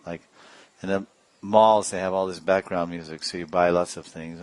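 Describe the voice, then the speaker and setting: A man's voice: sits low, fairly even intonation, normal speed, a little mellow. A man teaching a devotional class, telling stories animatedly with imitated sounds and chuckling asides. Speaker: spiritual teacher.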